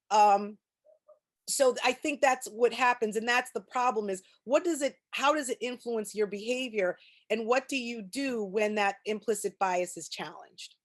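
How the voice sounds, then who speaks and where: A woman's voice: on the high side, normal speed. A woman presenting a training session over a video call, explaining ideas through personal anecdotes. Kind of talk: conversational lecture.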